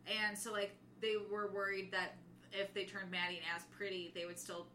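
A young woman with a bright, forceful voice chats about a book on her podcast. She is animated and quick to laugh, often slipping into the characters' lines. A faint hiss sits under her voice. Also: mid-range voice. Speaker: podcast co-host. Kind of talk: casual book chat.

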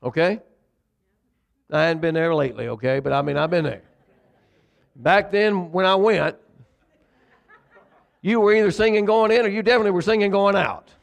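A man's voice: high voice, moderate pace, gravelly, long pauses. A man preaching a sermon, reading scripture aloud and acting out quotes with asides to his congregation. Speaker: pastor.

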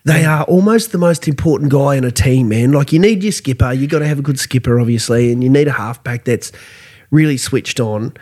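A man's voice: mid-range voice, fairly quick, a little mellow. A man co-hosting a casual podcast chat who laughs a lot and acts out quotes. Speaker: podcast co-host.

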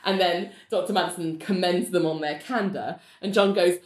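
A woman's voice: on the low side, normal speed, reverberant. A woman, co-hosting a casual podcast and animatedly recapping a TV episode. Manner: animated retelling, acting out characters' lines with laughs. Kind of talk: casual chat.

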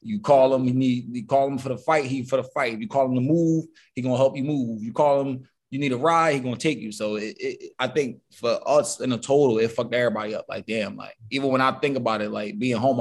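A man's voice: mid-range voice, a little fast. A man hosting a podcast, talking in a loose, slangy, sincere way. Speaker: podcast host. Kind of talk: casual podcast chat.

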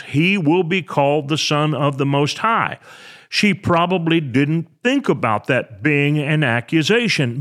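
A man preaching a sermon in a fairly high voice that rises and falls with lively movement. He works through scripture in an earnest, expository way, explaining each verse to his listeners. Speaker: Bible teacher. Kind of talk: sermon teaching.

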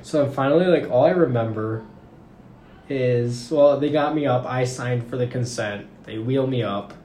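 A man's voice: mid-range voice, moderate pace, dark tone. Young man rambling with constant "like"s. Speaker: podcast guest recounting a story. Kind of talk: casual storytelling chat. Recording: roomy room with faint noise.

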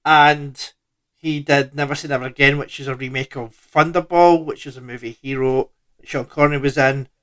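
A podcast co-host chats casually about a film, his sentences trailing off in a loose, laid-back way. His voice sits at medium pitch with a steady, fairly bright tone, and he moves at a moderate pace.

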